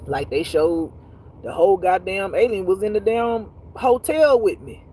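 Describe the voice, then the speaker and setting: A woman's voice: medium pitch, a little slow, a little hiss or hum, poor audio. A woman who teaches intuitive spirituality, telling stories to her viewers in a casual livestream with lots of cursing and laughter. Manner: animated, profane storytelling with frequent laughs; talks straight to viewers, reads comments aloud.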